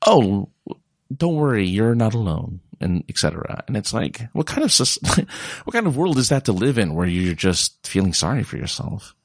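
A man's voice: on the low side, big pitch swings, normal speed, breathy edge, dry recording, clean studio sound. A young man talking casually in a rambling way and mocking other people's voices when he quotes them. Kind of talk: casual monologue.

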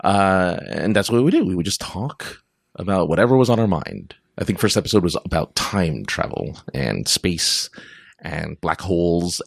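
A man's voice: deep voice, creaky, no echo, clean studio sound. A man hosting a podcast in a casual, rambling monologue, going off on tangents and laughing often. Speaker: podcast host.

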